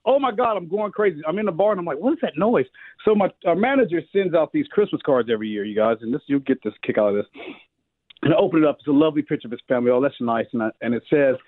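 Picture an animated man of about fifty spinning a funny family story, his voice sitting a bit high. The sound is dry and squeezed thin, like a phone line on the radio. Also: racing, dry recording. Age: 50s. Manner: animated storyteller, jumps higher for quoted voices. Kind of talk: casual storytelling chat.

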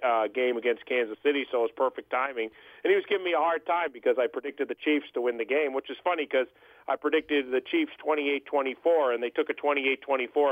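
A man's voice: mid-range voice, no echo. Man in his thirties on a tinny phone line. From Boston. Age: 30s. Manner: halting, with many fillers. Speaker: sports beat writer and guest. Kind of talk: casual radio interview.

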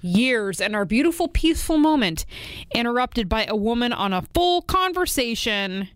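A woman's voice: fairly high pitch, sing-song, moderate pace, no echo. A woman co-hosting a morning radio show, telling stories in a playful, giggly way. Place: radio studio.

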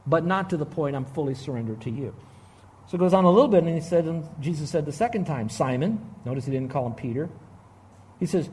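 A middle-aged man preaching a sermon as a pastor, animated, swinging between loud emphasis and hushed asides. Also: a little high, fast talker.

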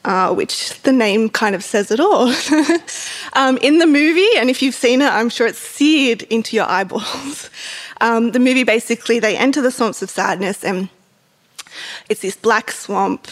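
Chatty, giggly woman with a fairly high voice. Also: normal speed. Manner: chatty, giggly, lots of fillers. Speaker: author and book vlogger. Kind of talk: casual book chat and reading aloud.

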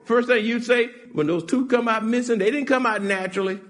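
Very high-pitched and brisk, a man delivers a sermon as a pastor in an animated, energetic style. His volume jumps from shouting to almost whispering, and laughter comes frequently.

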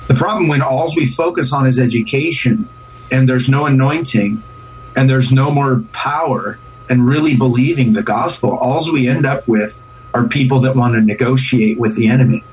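A man's voice: mid-range voice, moderate pace, darkish tone, slightly rough, recorded from a distance, low-quality recording. A man who is a pastor, speaking as a guest in an earnest, casual interview, often repeating and restarting words.

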